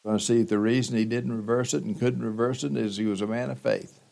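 Preacher guy, gravelly voice, middle pitch, dramatic bible storytelling. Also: steady tone, fast talker, darkish tone. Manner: dramatic storytelling, retelling scripture with rising emphasis. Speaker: pastor. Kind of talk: sermon.

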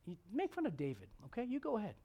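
A man preaching a sermon, telling stories and acting out the quotes, sometimes dropping to a hushed tone. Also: high-pitched, quick pace, muffled recording. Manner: animated storytelling, acts out quotes, drops to hushed tones.

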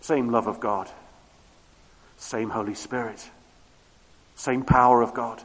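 A man preaching a sermon with emphatic repetition, moving between loud declarations and hushed low tones. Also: steady tone, slow. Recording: long hall reverb.

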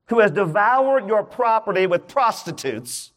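High-voiced male preacher acting out scripture. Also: normal speed, few pauses. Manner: acts out the story's voices with rising excitement. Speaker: pastor. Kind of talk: sermon.

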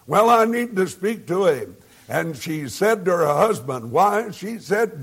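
An older man, a pastor preaching a sermon and telling homespun stories, pausing often with "uh.". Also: sits high, big pitch swings, creaky, a bit bright, slightly rough. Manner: slow, homespun storytelling with frequent "uh" pauses. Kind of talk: sermon with folksy anecdotes.

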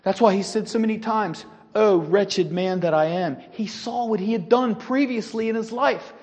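Man preaching a Bible lesson, emphatic, lively quotes, reverberant hall. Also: high-pitched, moderate pace. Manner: emphatic, acts out quotes with rising force. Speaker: Sunday school teacher. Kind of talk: sermon. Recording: long echo in a large hall.

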